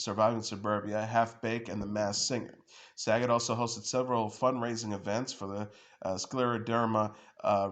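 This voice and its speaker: Man reading entertainment news, low-pitched. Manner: reads news and quotes with frequent uh fillers and restarts.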